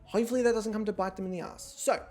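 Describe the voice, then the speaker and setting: A woman's voice: medium pitch, steady tone, rapid-fire, a little mellow, faint music behind. A woman hosting an online reality game show livestream in a playful, theatrical way, with casual swearing. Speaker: host.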